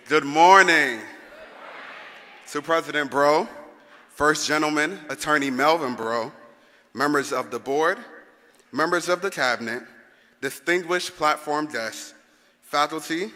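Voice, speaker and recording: A man's voice: on the high side, pushed and bright. A young man, the senior class president, gives a rousing commencement speech and calls on the crowd to answer back. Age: young adult. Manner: rousing, calls on the audience to respond. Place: large arena. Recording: long echo of a big arena.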